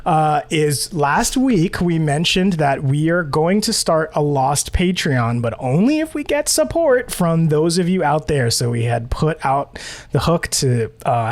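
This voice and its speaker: A man co-hosts a casual podcast in a slightly high, bubbly voice. He laughs often and rambles through restarts. The recording is dry and close to the mic. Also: no echo. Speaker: podcast co-host.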